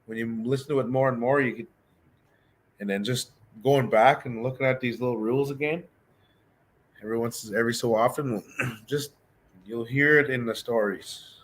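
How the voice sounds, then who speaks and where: A man's voice: mid-range voice, moderate pace, pauses often. Chatty man teaching a language class. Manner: relaxed, chatty, thinks aloud with many restarts. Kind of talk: casual online language class.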